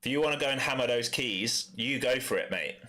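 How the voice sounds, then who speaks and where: A man's voice: medium pitch, a little fast, bright, forceful tone. A man from East London with a London accent, giving casual, blunt live commentary on his trades and answering chat. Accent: London English. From East London, England. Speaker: day trader streaming live.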